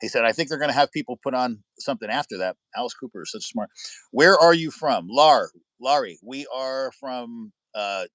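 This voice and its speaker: Casting: American man, medium pitch, loose storyteller, dry close sound. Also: expressive, normal speed, fairly bright tone, no echo. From United States. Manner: rambling storyteller, swears freely. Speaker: livestream host. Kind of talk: casual chat with viewers. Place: indoors at home by a window.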